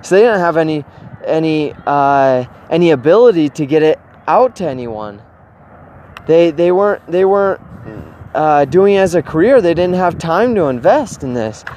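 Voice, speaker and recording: A young man telling a casual personal story, acting out his own quoted thoughts with sudden loud jumps. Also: fairly high pitch, lively intonation, normal speed, slight background noise.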